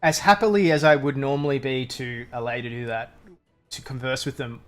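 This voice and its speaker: A man's voice: mid-range voice, steady tone, a little fast, a bit bright, faint music behind, natural voice. A man voicing a friendly, lonely male spirit warrior who is oddly hospitable and playful. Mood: delighted. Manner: overly hospitable, playfully odd.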